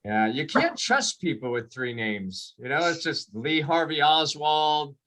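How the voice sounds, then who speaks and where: A man doing a stand-up comedy set on a video call, telling stories in an animated way and laughing at his own jokes. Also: a little high, measured pace.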